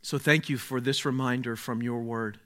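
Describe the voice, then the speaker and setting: A man preaching a sermon, speaking slowly and deliberately, dropping to a hush and then rising to exclaim. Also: mid-range voice, fairly even intonation. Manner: slow, deliberate, swings from hushed to exclaiming.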